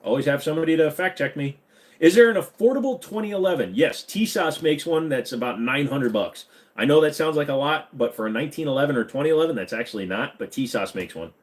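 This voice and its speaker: A man in his forties answering viewer comments on a live stream from his desk. His pitch is lively and bouncy, and his delivery is jokey and teasing. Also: fast. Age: 40s. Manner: joking, teasing, reading out comments.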